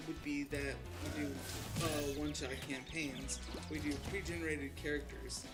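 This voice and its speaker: Calm, measured young gamer guy. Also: on the high side. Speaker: let's-play co-host. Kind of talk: casual gaming chat. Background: game music.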